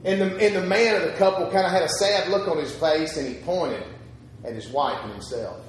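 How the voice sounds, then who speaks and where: Male preacher, high voice, storytelling sermon, heavy hall echo. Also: a little hiss or hum. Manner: storytelling with pauses, repeats words, swings loud and soft.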